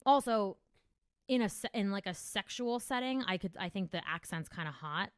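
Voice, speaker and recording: A woman's voice: mid-range voice, moderate pace, clean tone, dry recording, studio quality. A woman from New Jersey hosting a comedy podcast, rambling and swearing freely in casual chat. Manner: profane, rambling, animated storytelling.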